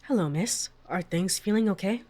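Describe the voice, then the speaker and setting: A woman voicing a gentle caretaker who speaks softly and formally, without contractions, in a soothing way. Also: medium pitch, lively intonation, moderate pace, close to an everyday voice.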